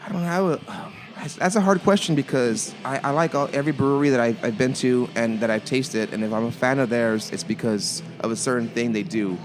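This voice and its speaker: A man's voice: medium pitch, brisk, hardly any pauses, soft background music. Laid-back man talking craft beer. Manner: laid-back, repeats phrases, curses casually. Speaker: craft beer bar owner. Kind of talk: casual podcast chat.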